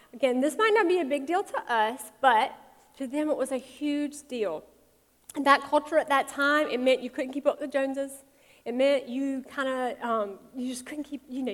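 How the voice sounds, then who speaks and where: A woman who is a mother, giving a conversational, lively sermon and acting out quotes. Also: high-pitched. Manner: conversational, animated, acts out quotes, soft for tender parts. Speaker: speaker at a women's or church talk. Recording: long reverb of a large hall.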